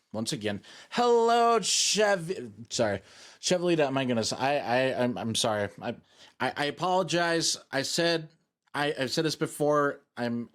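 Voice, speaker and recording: A man's voice: mid-range voice, a bit bright. Male streamer, mid-range voice, casual rambling, self-mocking humor. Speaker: VTuber streamer. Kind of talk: casual live-stream chat while gaming.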